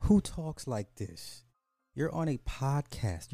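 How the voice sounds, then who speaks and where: Dark-voiced exasperated male podcast host. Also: medium pitch, very animated, slow pace, gravelly, no room sound, soft background music. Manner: exasperated, repeats phrases for emphasis. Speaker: podcast host reacting to clips. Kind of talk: commentary podcast.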